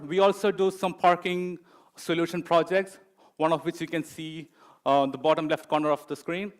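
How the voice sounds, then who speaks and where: Man with a fairly high voice, halting presenter. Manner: hesitant, many fillers. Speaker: project manager. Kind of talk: corporate presentation.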